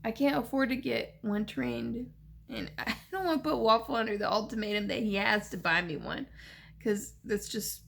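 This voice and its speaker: Grieving young woman with a creaky voice. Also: a little high, fairly bright tone, slight background noise. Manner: halting, repeats herself, trails off. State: grieving, lacking sleep. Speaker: vlogger. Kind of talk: tearful personal vlog.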